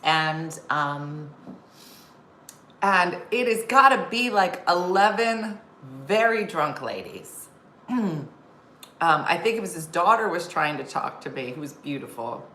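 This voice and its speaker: A chatty woman comedian hosts a casual live stream, spinning stories and answering viewers' comments. Her voice sits a little low, and the room around her rings with a faint hum of background noise. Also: lively intonation, slow, sharp tone, roomy sound. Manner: chatty storyteller reading viewer comments aloud. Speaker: comedian hosting a live show.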